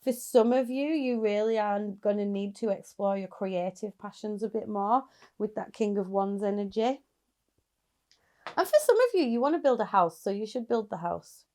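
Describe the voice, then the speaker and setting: A woman's voice: mid-range voice, animated, moderate pace, dark tone. A woman giving a casual, chatty tarot reading straight to her viewers, encouraging and sometimes laughing. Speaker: tarot reader.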